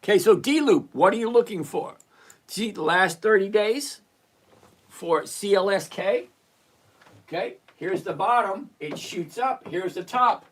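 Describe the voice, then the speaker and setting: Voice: mid-range voice, lively intonation, a little slow. A trading streamer with a mid-range voice, talking casually to viewers over a desktop mic. The delivery is blunt and lecturing, and the host repeats rules over and over. Exasperated asides and the odd mild curse keep the chat loose. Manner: mildly profane, exasperated asides. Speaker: stock trading livestream host.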